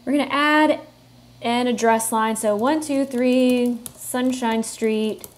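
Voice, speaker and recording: A woman hosting a software tutorial, explaining each step in a relaxed way and thinking aloud with fillers as she works. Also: fairly high pitch, takes it slowly. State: has the hiccups. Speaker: tutorial host. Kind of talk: screen-recorded software tutorial.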